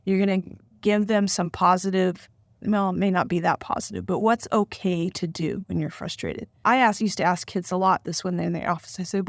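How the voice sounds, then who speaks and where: A woman's voice: lowish voice, fairly even intonation, brisk, no room sound, clean studio sound. A middle-aged woman talking casually to parents with advice, often acting out short lines a parent or child might say. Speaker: parenting podcast host and child therapist.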